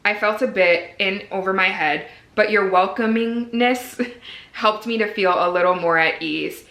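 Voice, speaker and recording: A woman's voice: medium pitch, measured pace, sharp tone, roomy sound. A woman in her twenties, a medical resident, talking casually to camera with lots of "like" fillers and a candid, earnest manner. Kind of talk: casual vlog talk to camera.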